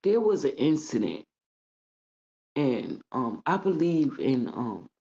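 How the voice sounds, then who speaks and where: A woman's voice: very deep voice, big pitch swings, slow, dark tone, dull audio. A woman in her forties, a guest in an interview, telling a story in a blunt, profane way and acting out other people's voices. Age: 40s.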